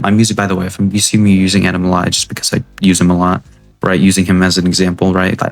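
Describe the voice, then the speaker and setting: A young man with a low voice rants about gaming in a blunt, cursing, rambling way. He keeps checking in with "right?" as he goes, talking straight to his viewers. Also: steady tone, fast, soft background music. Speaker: gaming video creator. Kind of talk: casual gaming rant.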